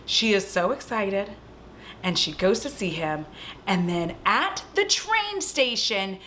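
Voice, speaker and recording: A young woman casually recapping a horror film at home, animated and swearing freely as she acts out the characters' lines. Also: mid-range voice, takes it slowly, long pauses, slight background noise. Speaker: vlog host.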